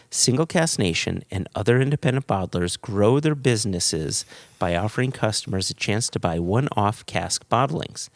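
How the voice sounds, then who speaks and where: A man co-hosting a casual podcast, reading a listener's email aloud and chuckling as he goes. His voice sits a little low and sounds dry and close to the mic. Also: no room sound. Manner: amused, laughs through reading. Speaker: podcast co-host.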